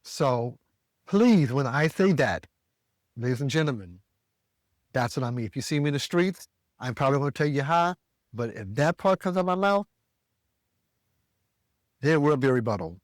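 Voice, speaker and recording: A man from the American South telling a story as a podcast co-host, animated and profane, jumping higher when he quotes himself. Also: normal speed, pauses often, no echo, clean studio sound. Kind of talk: casual storytelling rant.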